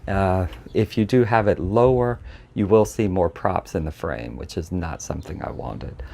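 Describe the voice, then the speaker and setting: A man's voice: low voice, moderate pace, vocal fry, darkish tone. A man doing a casual, enthusiastic drone review, rambling with fillers and restarts as he shows off the parts.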